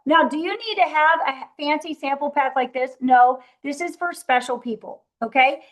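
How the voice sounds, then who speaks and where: A woman leading a motivational sales training, emphatic and direct, acting out her pitches in a softer voice. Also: normal speed, hardly any pauses. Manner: energetic, emphatic, talks straight to the group.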